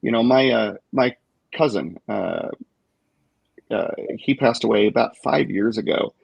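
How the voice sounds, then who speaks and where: Gravelly, husky man chatting casually. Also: medium pitch, no room sound. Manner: thoughtful, halting with many fillers. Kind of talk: casual group chat.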